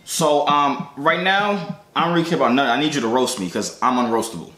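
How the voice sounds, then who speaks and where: A man's voice: mid-range voice, brisk, fairly bright tone, reverberant. A young man hosting a casual video chat vlog, joking and boastful, sometimes whispering to himself. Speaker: YouTuber host.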